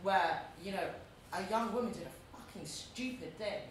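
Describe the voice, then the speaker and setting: A woman from London with a London English accent, moderating a live panel discussion in an animated way and often laughing as she tells stories. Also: medium pitch, moderate pace, slight background noise. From London, England. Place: museum event space. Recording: echoey room, far from the mic.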